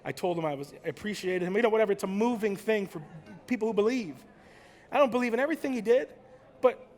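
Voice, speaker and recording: An American man in his forties giving an emotional, rambling stage talk at a conference, swearing freely as he tells stories. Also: sits high. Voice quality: profane, rambling storytelling. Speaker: conference speaker.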